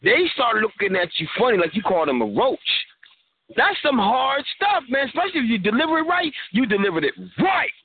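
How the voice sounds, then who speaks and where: High-voiced joking man on a phone line. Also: very animated, fairly quick, breathy edge. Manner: joking, rambling, laughs often. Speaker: radio show co-host. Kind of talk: casual call-in radio banter. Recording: tinny phone line, faint noise.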